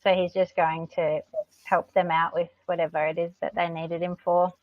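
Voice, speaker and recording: A woman's voice: on the low side, level tone, normal speed, no echo, muffled recording. An Australian woman co-hosting a livestream, chatting casually and patiently explaining things with plenty of fillers. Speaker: livestream co-host. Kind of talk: casual chat.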